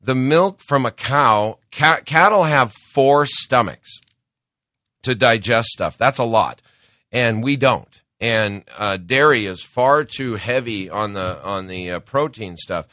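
A man's voice: mid-range voice, animated, slow, pushed and bright, dry recording, clean studio sound. A middle-aged man hosting a radio show, talking in a folksy, rambling way with preachy asides, his voice off from a cold. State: sick, voice off from a cold. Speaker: radio show host and business owner. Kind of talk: casual talk-radio monologue.

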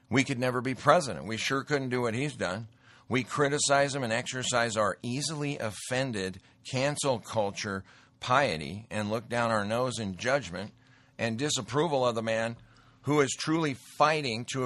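A man's voice: medium pitch, a bit bright, dry recording. A middle-aged man hosting a commentary show, talking emphatically in a rambling way, often repeating himself. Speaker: host. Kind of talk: political commentary and sales pitch.

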